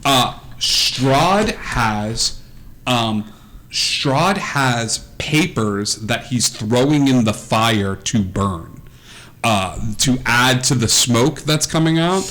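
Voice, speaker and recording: A man narrating as game master in a tabletop game, rambling with lots of fillers and animated storytelling. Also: medium pitch, extremely slow, rough recording.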